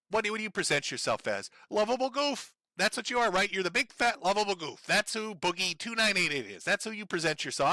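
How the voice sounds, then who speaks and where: Middle-aged guy ranting on stream, mocking n sweary, highish voice, real dry mic. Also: bright, forceful tone, no echo. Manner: profane, mocking, sarcastic. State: in pain from broken ribs, on medication. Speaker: livestream commentator. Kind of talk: angry ranting commentary.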